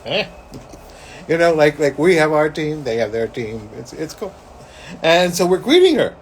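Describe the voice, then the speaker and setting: A man's voice: on the high side, very animated, normal speed, a little hiss or hum, poor audio. A man hosting a psychic show, telling a story in a rambling, casual way, full of "like" and "you know". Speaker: psychic host.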